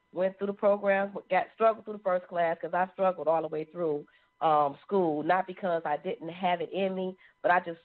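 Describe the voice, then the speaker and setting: A woman sharing a personal testimony in an animated storytelling manner. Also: lowish voice. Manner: animated, acts out quoted voices. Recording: phone-like narrow sound.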